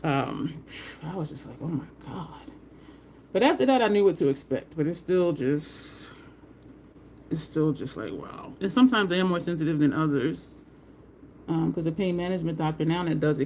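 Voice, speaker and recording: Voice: mid-range voice, expressive, normal speed, darkish tone, slight background noise. A makeup tutorial host chatting casually while working, rambling through stories with frequent laughs and greeting live viewers by name.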